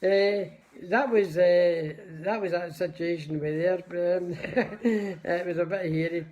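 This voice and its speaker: A man's voice: sits high, slow pace, a little mellow, highs cut off. An older man with a Scottish accent, casually telling rambling stories on a livestream and greeting his viewers by name. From Scotland. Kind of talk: casual storytelling to live viewers.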